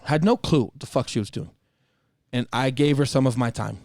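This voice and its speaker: A man's voice: medium pitch, normal speed, a little mellow, dry recording, clean studio sound. A man and former Marine co-hosting a podcast, talking casually in a blunt, direct way and swearing freely. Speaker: podcast co-host.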